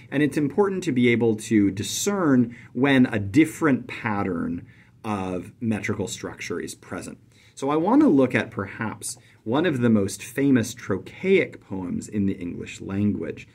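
A man teaching a lesson on poetic meter, speaking in a measured way and stressing syllables clearly. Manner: measured, emphatic on stressed syllables, drops to soft low voice when reciting. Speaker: poetry teacher. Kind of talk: explanatory lesson with poem recitation.

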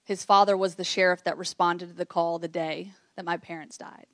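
A woman's voice: fairly low pitch, steady tone, a little fast, no room sound. A woman in her late thirties giving an emotional keynote speech to a live audience, earnest, repeating phrases for emphasis. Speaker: keynote speaker. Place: event room with audience.

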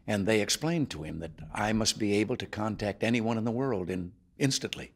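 Man in his 70s, slightly low husky voice, telling a relaxed folksy anecdote to luncheon guests. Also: fairly quick. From United States. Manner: folksy storytelling with chuckles. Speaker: president addressing luncheon guests. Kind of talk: after-lunch speech with anecdote. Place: formal dining room indoors.

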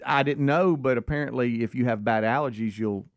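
A man co-hosting a radio show, talking in an easygoing, halting way with many restarts. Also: mid-range voice, no room sound. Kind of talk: casual morning-show chat.

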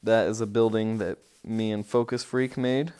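A man giving casual, rambling commentary on a tour of his game village, easily excited and breaking into sudden outbursts. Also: fairly low pitch, moderate pace, smooth.

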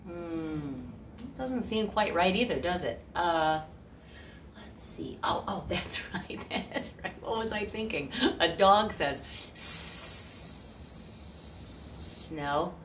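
A woman hosting a children's music show, talking softly and playfully to young listeners and pretending to forget things. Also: on the low side, expressive, slow, recorded from a distance, slight background noise. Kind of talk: gentle talk to children. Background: guitar.

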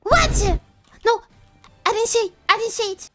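A woman from Europe commentating her live game stream in an excitable way, often breaking into startled shrieks. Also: extremely high pitch, a little slow, faint music behind.

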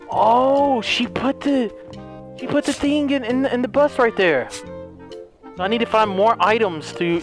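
An excitable man narrating his gameplay, his voice leaping up and down in pitch as he yells and gasps. He talks in first person as his in-game character. Game music plays clearly behind him. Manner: excitable, yelling and gasping, talks as the goose he plays. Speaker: let's play gamer. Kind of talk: gaming commentary.

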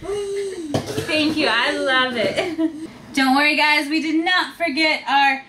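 A woman hosting a casual family unboxing vlog, gushing and excitable, often laughing as she reads cards aloud. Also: high voice, slow, crowd noise. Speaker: vlog host and mother. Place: family home with kids playing. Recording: echoey room with loud household noise.

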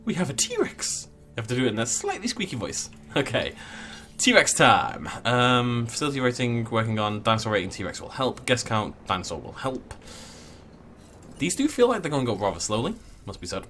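Male let's player, casual, jokey, theatrical swings in pitch. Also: big pitch swings, moderate pace, pushed and bright, soft background music. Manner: playful, jokey, mock-dramatic. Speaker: gameplay commentator. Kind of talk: casual let's play commentary.

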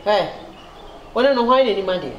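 A woman playing a mother scolding her daughter in a comedy sketch, animated and laughing between words. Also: medium pitch, quick pace, dull audio, a little hiss or hum, natural voice. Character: scolding mother, loud and sharp. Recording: echoey room.

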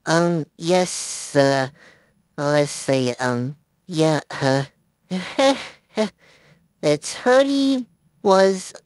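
A woman's voice: low-pitched, lively intonation, extremely slow, long pauses, a little mellow, no room sound, studio quality. A woman reading lines for a blooper reel, giggling, stumbling and apologizing as she forgets them.

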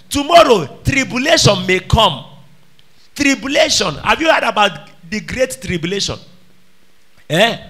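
A man's voice: high-pitched, sharp tone. A man preaching a sermon, emphatic and questioning his listeners directly. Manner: emphatic, calls out questions to the congregation.

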